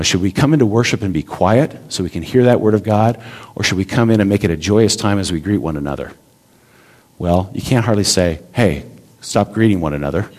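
A man's voice: low voice, darkish tone. A male pastor preaching a sermon in a conversational, folksy way, with asides and repeated words.

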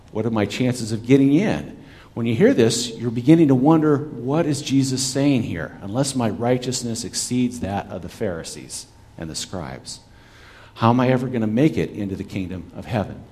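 A pastor with a medium-pitched, dark-toned voice gives a sermon. He talks conversationally with the congregation, poses rhetorical questions, and talks back with listeners.

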